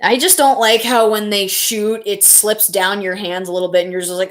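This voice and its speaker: A woman's voice: mid-range voice, steady tone, normal speed, few pauses, a bit bright. A woman streamer chatting casually, rambling and answering her viewers. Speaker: live streamer. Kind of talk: casual live stream chat.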